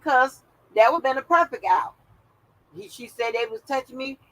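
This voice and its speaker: A woman hosting a live stream reacts to what she reads aloud, giving casual, blunt, profane commentary. Her bright, clear voice sits high and moves at a normal speed, though the recording is low quality.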